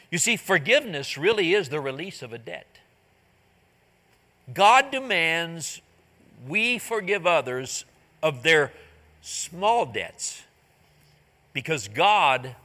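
Pastor guy preaching, high bright voice, acts out the story bits, big echoey church. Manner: retells a parable, acting out its characters' voices. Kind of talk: sermon. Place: church sanctuary.

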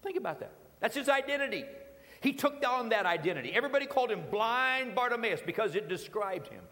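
A man preaching a sermon in a church, dramatic with repeated phrases and sudden hushed drops. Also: very high-pitched, expressive, quick pace, long reverb tail. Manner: dramatic, rhythmic repetition, sudden drops to quiet. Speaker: pastor. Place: church sanctuary.

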